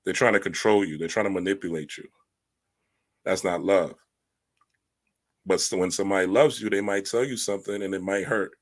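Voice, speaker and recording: Blunt, preachy man with a low voice. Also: a little fast, long pauses. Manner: blunt, preachy, slangy asides, rising emphasis. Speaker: spiritual teacher. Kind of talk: livestream talk reading and commenting.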